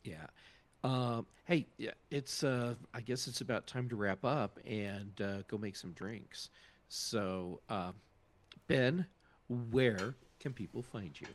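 A man's voice: lowish voice, takes it slowly. A man hosting a casual tech podcast, upbeat and loose with lots of fillers as he thanks the sponsor and wraps up. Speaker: podcast host.

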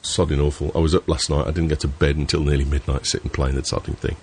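A man's voice: very deep voice, flat delivery, fast, a little mellow, slightly rough. A British man hosting a podcast panel in casual, jokey chat, swearing now and then. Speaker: podcast host.

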